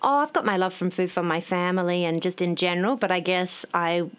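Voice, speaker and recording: A woman with an Australian accent, a chatty interview guest who tells her story quickly and laughs often. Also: fairly low pitch, smooth. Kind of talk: casual interview chat.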